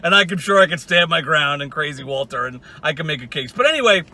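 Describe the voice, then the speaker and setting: A man rants straight to camera in a mocking, profane vlog monologue and keeps breaking into laughter. His voice sits high with a sharp, tense brightness. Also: animated, quick pace. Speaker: online video creator.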